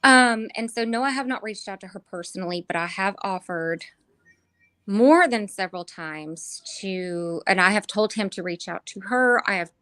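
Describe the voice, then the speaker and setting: A woman guest speaking in a weary, flat way, halting with restarts and fillers. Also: medium pitch, no room sound.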